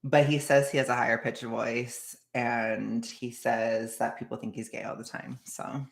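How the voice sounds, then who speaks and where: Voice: medium pitch, flat delivery, measured pace, gravelly. Rambling streamer chatting with chat. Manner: rambling, chatty, laughs often. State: anxious, jittery. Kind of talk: casual livestream chat with viewers.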